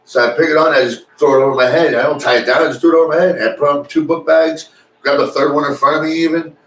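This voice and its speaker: A man's voice: a little high, fairly even intonation, quick pace, fairly bright tone. A man co-hosting a podcast in casual chat, telling rambling, profane stories and laughing often. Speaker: podcast co-host. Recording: echoey room, mic at a distance, faint noise.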